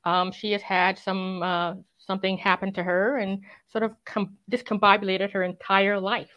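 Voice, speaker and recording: A woman who is a crime writer, speaking as an interview guest, reflective and earnest, often filling pauses with "um" and "sort of". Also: medium pitch, little pitch movement, a bit bright, muffled recording. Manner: reflective and earnest, many fillers and "sort of" hedges. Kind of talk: conversational interview.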